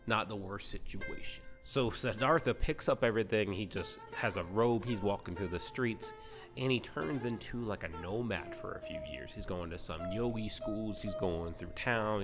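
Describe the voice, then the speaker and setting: A man's voice: lowish voice, big pitch swings, moderate pace. A man telling a story comedically, in a rambling, profane, slangy way that is full of "right?". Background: guitar music.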